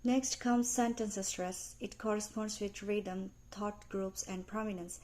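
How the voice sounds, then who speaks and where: A young adult woman reading out a class presentation on teaching pronunciation, careful and measured, with small grammar slips. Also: mid-range voice, fairly even intonation, darkish tone. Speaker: student presenter. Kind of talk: read academic class presentation.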